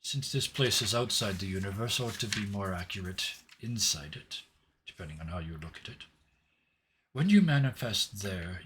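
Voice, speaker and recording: A man's voice: fairly low pitch, fairly bright tone, slight background noise. A man narrating a tabletop roleplaying game as game master, telling the scene vividly and dramatically. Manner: vivid, dramatic storytelling with hesitant restarts.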